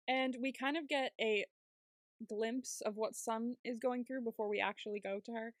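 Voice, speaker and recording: Bubbly woman podcaster, higher voice. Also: measured pace, no echo, studio quality. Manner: lively retelling, acting out characters' lines; laughs often. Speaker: podcast co-host. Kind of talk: casual TV recap chat.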